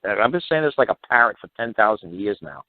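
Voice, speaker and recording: A man's voice: medium pitch, lively intonation, fast, gravelly, no echo. A man hosting a call-in show, talking bluntly and repetitively with exasperation and some swearing, heard over a narrow phone-like line. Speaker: radio show host.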